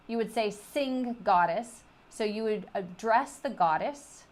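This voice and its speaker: Woman lecturing clearly on a poem. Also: mid-range voice. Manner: explanatory, emphatic on key terms. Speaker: literature lecturer. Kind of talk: recorded lecture.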